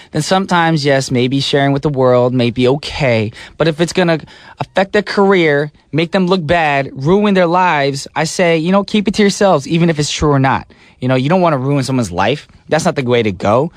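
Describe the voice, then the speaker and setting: A radio DJ and host runs a pop show from a studio, chatting with playful, slangy energy. His voice is fairly high, recorded on a studio microphone with no room sound.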